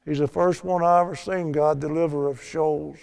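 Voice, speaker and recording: A man's voice: a little high, steady tone, moderate pace, creaky, a little mellow, smooth. An older man teaching a Bible lesson in a chatty storytelling way, laughing at his own tales.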